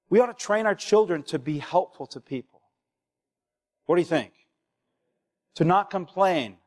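A man's voice: fairly high pitch, a little mellow. A young male pastor preaching a sermon, urging the congregation and asking them for replies. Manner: exhorting, asks the congregation for replies. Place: church hall. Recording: long reverb of a church hall.

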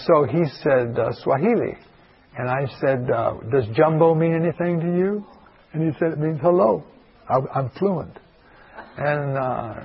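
A male pastor with a gravelly, slightly husky voice, spinning a folksy story for an audience. He wanders off into asides and circles back again. The recording is dull and lo-fi. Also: a little high. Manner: rambling, digressive, full of asides.

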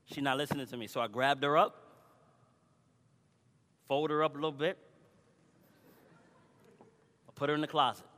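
Man preaching in a big echoey hall, high voice, goes from hushed storytelling to full-on shouting. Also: fairly even intonation, fast talker. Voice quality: swings from shouting to quiet storytelling. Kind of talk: sermon with personal story. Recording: long hall reverb.

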